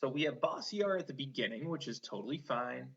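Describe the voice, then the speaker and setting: Bright-voiced man teaching a phonics lesson. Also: mid-range voice, lively intonation, creaky, breathy edge. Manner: slow, encouraging, stretches out sounds. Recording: slightly dull lo-fi online lesson audio.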